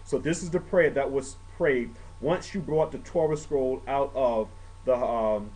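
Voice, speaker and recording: A man's voice: medium pitch, unhurried, darkish tone, rough recording. A man preaching a conversational sermon, checking in with the congregation and rising in emphasis on key points. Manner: conversational, frequent "okay" check-ins, rises when emphatic. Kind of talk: sermon teaching.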